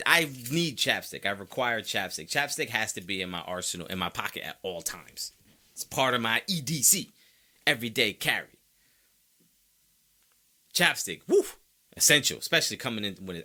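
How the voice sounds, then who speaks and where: A man hosting a casual sports podcast from close to the mic. His voice is bright and forceful, and his pitch swings widely as he riffs. He drops into playful, overdone voices when he mimics fans. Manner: animated, playful, mock-quotes fans in exaggerated voices.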